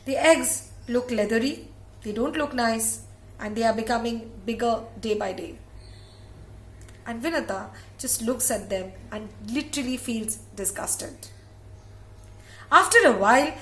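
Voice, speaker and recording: A woman's voice: on the high side, a bit bright. A woman storyteller recounting a myth in a dramatic way, repeating phrases for effect. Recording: echoey room.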